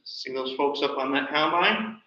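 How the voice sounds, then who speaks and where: Casting: male presenter, high and bright voice, chatty storyteller, roomy hall, distant muffled mic. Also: expressive, moderate pace. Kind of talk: slide show talk. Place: nature center hall. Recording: roomy, distant, dull livestream audio.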